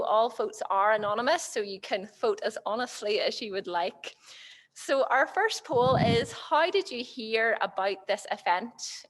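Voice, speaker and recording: A woman hosting a church webinar, upbeat and chatty. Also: mid-range voice. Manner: upbeat, chatty, laughs easily. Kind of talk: live-stream hosting. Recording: long hall reverb.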